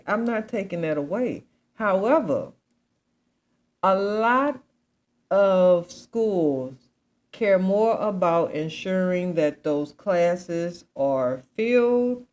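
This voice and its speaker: In a rough recording, a young adult woman with a medium-pitched, darkish voice hosts a casual commentary chat. She wanders into plenty of asides and keeps putting questions to her audience.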